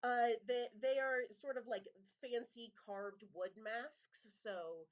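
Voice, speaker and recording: A woman game master narrating a tabletop game in a halting way, with many fillers. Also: on the high side, dull audio.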